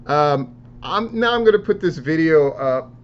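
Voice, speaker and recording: A man's voice: fairly high pitch, animated, a little slow. A man hosting a podcast, reading social media posts aloud in casual, profane, sarcastic commentary. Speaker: podcast host. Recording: dull lo-fi sound with faint noise.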